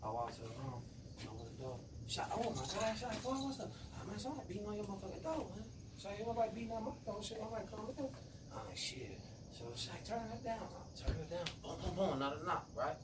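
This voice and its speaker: A man telling a profane story to friends, acting out the quotes and swinging between loud and quiet. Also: high-pitched, very animated, fast. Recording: echoey room, far from mic, noisy.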